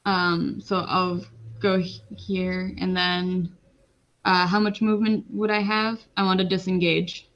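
A woman's voice: on the low side, flat delivery, a little slow, a bit bright. A woman playing a tabletop game, speaking hesitantly and asking about the rules. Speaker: player. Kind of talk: tabletop game play over a call. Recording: dull lo-fi mic.

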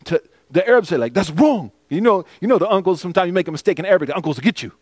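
A man's voice: high voice, lively intonation, rapid-fire, darkish tone, no echo. A man teaching a mosque class as imam. He explains a hadith text in English and recites the Arabic passages.

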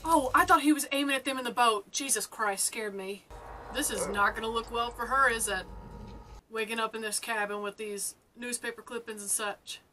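A woman's voice: a little high, normal speed, background noise. A woman hosting a casual reaction commentary, chatting and exclaiming at the screen. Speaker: host.

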